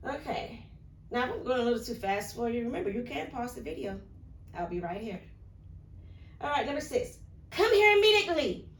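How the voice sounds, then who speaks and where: A woman's voice: on the high side, expressive, normal speed, gravelly, pauses often. An American woman teaching English grammar in a recorded video lesson, patient, asking questions and answering them herself. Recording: echoey room, faint background hiss.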